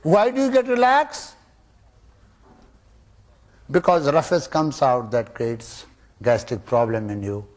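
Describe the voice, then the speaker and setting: A man giving a spiritual discourse to students, emphatic and full of rhetorical questions, jumping from loud rises to soft drops. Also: medium pitch, slow pace, pauses often. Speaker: spiritual teacher.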